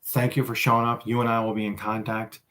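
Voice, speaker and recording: A man's voice: lowish voice, flat delivery, quick pace, a bit bright. A man hosting a casual livestream, chatting with viewers in a rambling, self-deprecating way. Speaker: livestream host.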